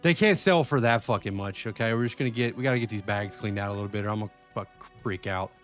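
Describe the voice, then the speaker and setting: Profane, excitable man streaming a game. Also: fairly low pitch, fast, faint music behind. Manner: profane, excitable, talks to chat. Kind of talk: live-stream gameplay chat.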